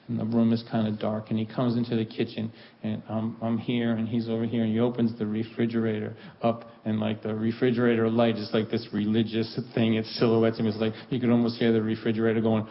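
A man, telling a stand-up story in an animated way that builds to high, excited peaks. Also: a little fast, creaky. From Boston. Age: 40s. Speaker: stand-up comedian. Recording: dull lo-fi recording.

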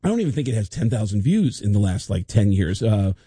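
A man, a guest comedian, telling an animated comic story on the radio, slipping into impressions. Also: on the low side, fast talker, breathy edge, no room sound, studio quality.

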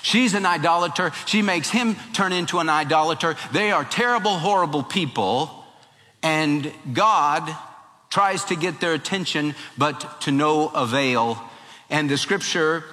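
A male preacher telling a Bible story in a folksy, animated sermon style. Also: a little high, in a large hall.

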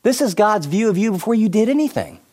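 A man preaches a sermon with an animated storytelling manner, sprinkling in fillers as he goes. His voice sits a little high for a man. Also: fast. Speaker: pastor.

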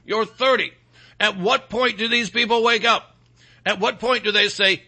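High-pitched and gravelly, this middle-aged man's voice is very bright and sharp yet steady in tone as he runs a sarcastic political monologue at moderate speed. His delivery wanders, full of fillers and scornful asides.

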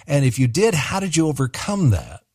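A man hosting an interview, asking a guest a question with reflective pauses. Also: on the high side, very animated, a little mellow, slightly rough, dry recording, studio quality. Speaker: host.

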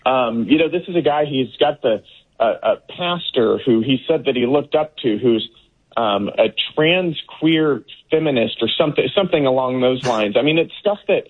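A man's voice: mid-range voice, expressive, normal speed. A man from Texas giving emphatic political commentary as an interview guest, with many fillers and restarts. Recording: tinny phone-line sound.

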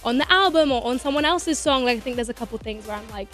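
A woman's voice: a little high, expressive, fast talker, fairly bright tone, faint music behind. A teenage girl, a singer and actor chatting as a radio guest, bubbly and gushing with lots of fillers. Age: teens. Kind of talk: casual radio interview. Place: radio studio.

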